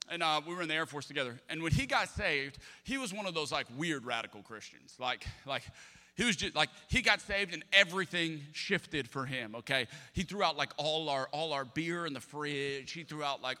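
Man, pastor, sermon, animated and joking, slightly high voice, long church reverb. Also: normal speed. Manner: animated, jokey storytelling with sudden loud peaks. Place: church auditorium.

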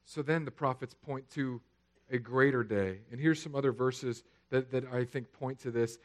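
A man, preaching a sermon that swings from loud, emphatic lines to quiet, low ones. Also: normal speed. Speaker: pastor.

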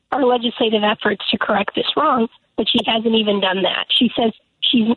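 A woman's voice: fairly high pitch, husky, no room sound. A woman lawmaker calling in to a radio interview, speaking emphatically and indignantly. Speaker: lawmaker guest. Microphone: telephone. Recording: tinny, dry phone line.

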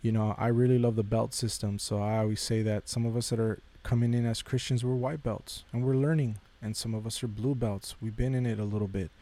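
A man's voice: lowish voice, steady tone, fairly quick, hardly any pauses, mellow. A man hosting a podcast, giving a casual devotional talk in a conversational way, repeating phrases and addressing listeners directly. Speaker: podcast host.

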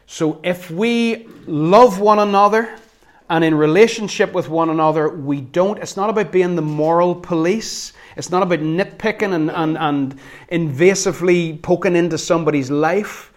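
A man's voice: sits high, normal speed. A man with a Northern Irish accent preaching a sermon, conversational and earnest with flashes of wry humor. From Northern Ireland. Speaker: pastor.

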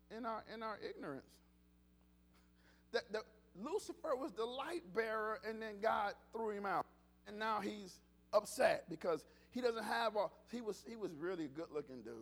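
Very high-voiced man preaching casually. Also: vocal fry, breathy edge. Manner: animated, conversational preaching with repetitions and restarts. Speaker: pastor. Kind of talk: casual sermon.

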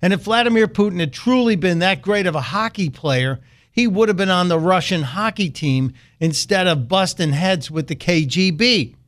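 A man's voice: high voice, animated, normal speed, fairly bright tone. A man hosting a political talk radio show, delivering a sarcastic, mocking monologue.

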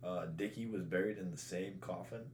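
A man's voice: sits low, steady tone, brisk, crowd noise. A man in casual chat, telling a story with dry joking asides. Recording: echoey room.

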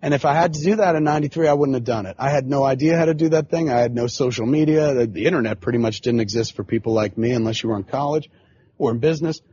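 Profane, animated man telling a story. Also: medium pitch, fast talker, breathy edge, no echo. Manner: animated, profane, lots of "you know what I'm saying". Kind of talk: casual storytelling monologue. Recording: slightly dull lo-fi sound with faint background hum.

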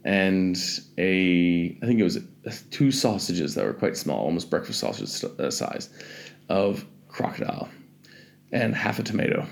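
A man's voice: low-pitched, animated, measured pace, creaky. A Canadian man telling travel stories in a casual chat, rambling, correcting himself, and swearing freely.

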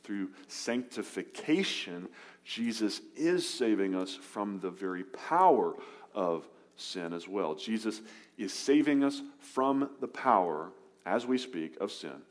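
Low-voiced male pastor preaching earnestly. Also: lively intonation, slow pace. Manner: earnest preaching, drops low and soft on key words, lifts for emphasis. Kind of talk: sermon.

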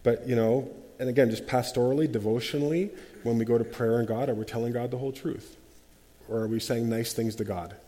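A man leading a group Bible study, animated, acting out quotes and often restarting his sentences. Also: medium pitch, fairly quick, in a large hall.

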